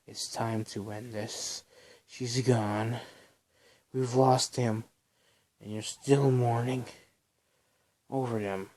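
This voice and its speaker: A man's voice: medium pitch, close to an everyday voice. A haunting ghost girl, voiced by a man. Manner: slow, soft, coaxing.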